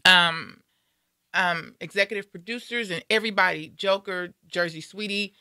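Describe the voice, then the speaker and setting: A woman's voice: on the low side, normal speed, pushed and bright, no room sound, studio quality. A woman hosting a casual live talk show, chatty and rambling with many fillers and restarts. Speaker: host.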